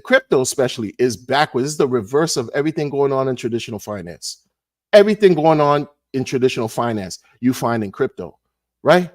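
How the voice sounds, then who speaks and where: A man ranting in a casual monologue, animated and sarcastic, repeating words and laughing often. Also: medium pitch, no echo, studio quality. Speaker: crypto commentator.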